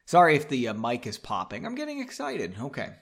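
A man's voice: mid-range voice, huge pitch swings, fairly quick, gravelly, a bit bright, husky. A man casually reading his own book aloud, mocking his writing and swearing freely.

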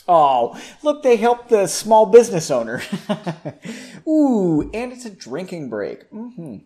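Male podcast host reading fiction, lively and slightly high, jokey. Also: measured pace. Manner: playful, jokes and laughs at the text. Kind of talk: story reading with casual asides.

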